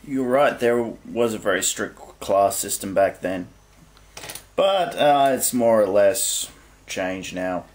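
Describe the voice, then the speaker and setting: A man's voice: on the low side, animated, takes it slowly, a little mellow. An Australian man with an Australian accent, answering a review in a dry, wry way with frequent hesitations. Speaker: guest responding to the review.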